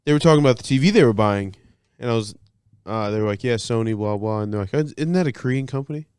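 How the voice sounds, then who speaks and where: A young man co-hosting a podcast, relaxed in casual chat and swearing casually. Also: medium pitch, quick pace, clear, resonant tone, no room sound, studio quality. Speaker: podcast co-host.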